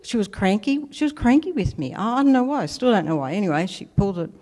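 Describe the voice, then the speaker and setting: A woman's voice: medium pitch, lively intonation, fast, warm tone. Aussie woman telling church stories, chatty, lots of reverb from a big hall. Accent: Australian. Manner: chatty anecdotal storytelling, laughs at herself. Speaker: preacher. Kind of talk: personal testimony sermon.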